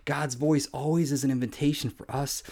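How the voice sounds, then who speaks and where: A man's voice: medium pitch, fairly even intonation, brisk, vocal fry, a little mellow. A man in his thirties giving an informal podcast sermon, earnest and conversational, often saying "man" and repeating himself. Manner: earnest, conversational, says "man" often, with repetitions and little laughs. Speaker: podcast Bible teacher.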